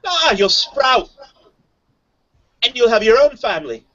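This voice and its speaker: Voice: medium pitch, sing-song, a little slow, bright, forceful tone, lo-fi sound. Playful, laughing tabletop player. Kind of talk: tabletop role-play banter.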